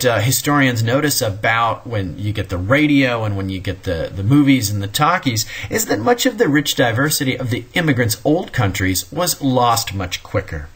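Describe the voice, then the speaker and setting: A man's voice: lowish voice, breathy edge. A man giving a recorded history lecture in a conversational way, wandering into asides and correcting himself as he talks. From American Midwest. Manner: conversational, digressive, self-correcting.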